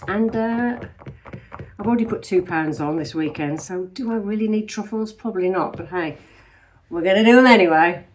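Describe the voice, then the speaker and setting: A woman's voice: mid-range voice, normal speed, slight background noise. English woman, 50s, Midlands tinge, slightly nasal, rambling vlogger. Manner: chatty, rambling, self-deprecating. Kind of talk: casual chat.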